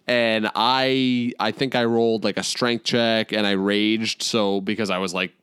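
A man's voice: lowish voice, level tone, a little slow, a bit bright, smooth, dry recording, clean studio sound. A man who plays in a tabletop game, casually and animatedly retelling a session, often laughing and using fillers. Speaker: player.

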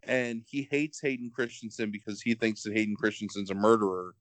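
A man co-hosting a podcast in casual chat, rambling and animated, filling with "like". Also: fairly low pitch, fairly quick, no room sound.

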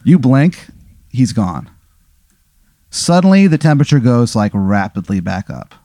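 A man leads an improvised comic scenario as game master, his pitch swinging in a lively way as he sets scenes. His voice is mellow and the sound is dry and close. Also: a little slow, creaky, no room sound. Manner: animated, scene-setting storyteller. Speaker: game master of a comedy hypothetical. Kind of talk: improvised comedic narration.

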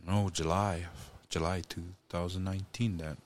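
A man recounting a personal story, halting and restarting often, speaking of God and blessing. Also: deep voice, fairly even intonation. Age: adult parent. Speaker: guest.

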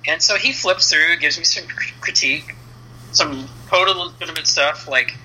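Speaking at a moderate pace in a slightly high voice, a comic book letterer in his fifties tells an anecdote casually as an interview guest, acting out the dialogue with lively flair. The recording is rough, with slight background noise.

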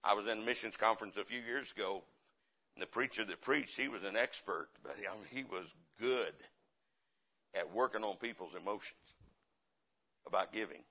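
In a dull lo-fi sermon recording from a church, a middle-aged guest missionary tells stories with fervor, shifting between loud and quiet and repeating phrases to drive points home. His voice is lowish and slightly rough, at normal speed with long pauses.

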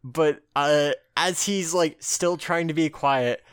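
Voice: mid-range voice, takes it slowly, clear, resonant tone, no echo, studio quality. A podcast co-host in casual recap chat, laughing often, swearing freely and acting out the characters' lines.

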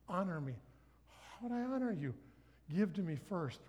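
Middle-aged male guest preacher, high-pitched, lively storyteller who voices the dialogue. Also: brisk. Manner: animated storytelling, acts out his own inner dialogue. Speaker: guest speaker. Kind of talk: sermon.

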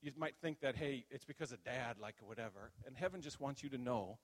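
An older man telling a playful, animated story as a sermon, acting out voices in the telling. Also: medium pitch, fairly quick. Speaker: pastor. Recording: reverberant hall.

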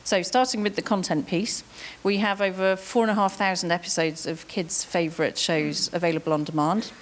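A woman's voice: fairly low pitch, fairly even intonation, a little fast. A woman, a TV executive, giving a presentation on a conference panel, friendly and full of ums.

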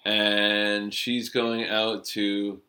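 A middle-aged man with a strikingly bright, forceful voice, telling an animated cab-driving story. He sits a little low in pitch, and his talk is loose and sprinkled with swearing. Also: extremely slow. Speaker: storyteller, former cab driver. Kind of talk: casual storytelling chat.

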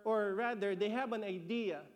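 A man from the Philippines preaching with a notably high voice. He talks in an animated, conversational way, repeats words as he builds a point, and checks in with the congregation. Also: normal speed. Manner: laughs between points, asks "okay?". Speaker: pastor. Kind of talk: sermon.

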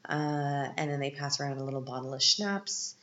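A woman's voice: a bass voice, moderate pace, fairly bright tone, a little hiss or hum. A woman in her thirties casually recapping a film, chatty and candid with sarcastic asides. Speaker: podcast host. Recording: echoey, dull lo-fi room.

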